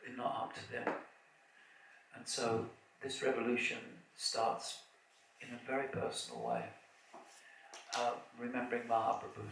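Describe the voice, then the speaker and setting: A man giving an informal, rambling devotional talk at a festival opening, with anecdotes and halting restarts. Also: medium pitch, creaky, fairly bright tone. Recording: roomy, distant mic, background noise.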